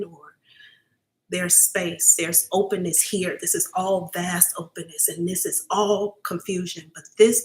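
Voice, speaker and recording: A woman giving a live-streamed psychic reading to her viewers. She talks casually and emphatically, keeps checking in with "okay?", and is earnest and openly emotional. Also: mid-range voice. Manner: emotional, earnest, at times near tears. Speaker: psychic reader.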